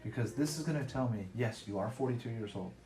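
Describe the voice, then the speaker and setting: Male doctor, quick and reassuring, roomy sound, music bed underneath. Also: medium pitch. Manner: brisk, reassuring, keeps checking in. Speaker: fertility doctor. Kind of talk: explaining to a patient.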